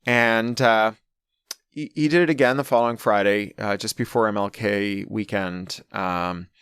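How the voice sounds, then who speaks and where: A man's voice: on the low side, measured pace, clean tone, no echo, studio quality. A middle-aged man telling a long personal story in a casual way, quoting the people he talked to. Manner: animated anecdote-telling, quoting people in his own voice. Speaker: interview guest.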